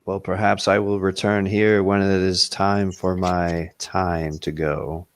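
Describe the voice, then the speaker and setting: A man's voice: low voice, level tone, slow pace. A man who is a player in a tabletop game, speaking in character in a formal, solemn way. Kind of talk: in-character role-play.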